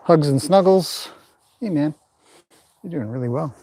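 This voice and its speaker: A man training a horse in a pen, calmly explaining what he does while softly praising and directing the animal. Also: a little high, measured pace. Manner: calm running commentary mixed with soft praise to the horse.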